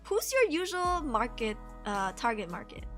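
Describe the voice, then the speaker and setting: A woman's voice: fairly high pitch, sing-song, moderate pace, a bit bright, faint music behind. A woman from Malaysia with a Malaysian English accent, chatting casually on a live stream, reading out chat messages and answering them.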